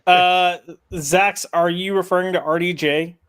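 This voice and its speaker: A man with a somewhat high voice, recorded dry and close with little room sound. He chats casually on a podcast panel in a relaxed, wry and somewhat hesitant way. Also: measured pace, smooth, dry recording. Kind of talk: casual chat.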